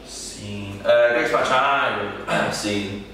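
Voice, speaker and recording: A man, a wrestler, answering interview questions in a halting, casual way with many restarts. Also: on the low side, sharp tone. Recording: echoey room from far off.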